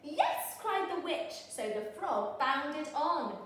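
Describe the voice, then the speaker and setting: A woman teacher reading a picture book aloud in a lively, expressive, sing-song way. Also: sits high, slow pace, distant mic, a little hiss or hum. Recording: very echoey room, voice off-mic.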